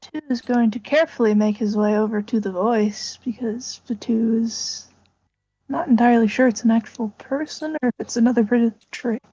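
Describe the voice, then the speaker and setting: A woman player in a tabletop role-play game, talking in a low-key, matter-of-fact way. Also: fairly even intonation, fairly quick, hardly any pauses, warm tone, no room sound, lo-fi sound.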